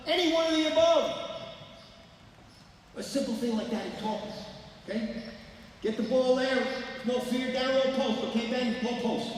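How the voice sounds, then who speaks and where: An older man coaches a clinic crowd with a strikingly high voice, animated and emphatic, rising into shouts. His voice rings through a large, echoing gym hall. A faint ambience hums behind him. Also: moderate pace, pauses often, slight background noise. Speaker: basketball coach. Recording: echoey hall, distant mic, faint ambience.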